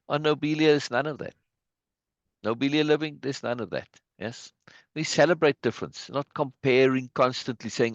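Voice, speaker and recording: A man's voice: medium pitch, gravelly, no room sound. A man hosting a casual video-call chat, speaking emphatically and laughing often. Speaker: host. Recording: dull lo-fi video call audio.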